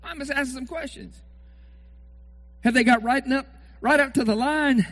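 A middle-aged man preaching a sermon, acting out sports fans yelling at the TV. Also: very high voice, normal speed. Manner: animated, acts out fans shouting at the TV.

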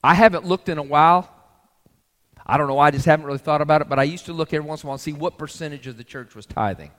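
A man's voice: a little high, racing, fairly bright tone, long reverb tail. A male pastor preaching a sermon, pressing the congregation with rhetorical questions.

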